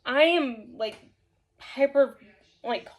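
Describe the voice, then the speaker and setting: Brief: woman vlogger with a high voice, casual storytime, rambling, lots of "like". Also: takes it slowly. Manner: rambling, filler-heavy with frequent "like"; animated, laughs often while telling.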